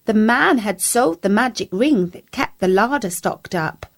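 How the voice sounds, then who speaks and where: A woman narrating a children's story in an expressive, playful, chatty way, speaking as the mouse. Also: medium pitch, measured pace, creaky.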